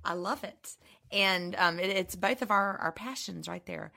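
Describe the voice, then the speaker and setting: A hoarse woman with a subtle Southern twang co-hosts a casual podcast, reading listener questions aloud and chatting with easy laughs. Her voice sits fairly low, with a gravelly, creaky edge and a bright, forward tone. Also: unhurried. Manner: chatty, laughs often, reads letters aloud. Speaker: podcast co-host.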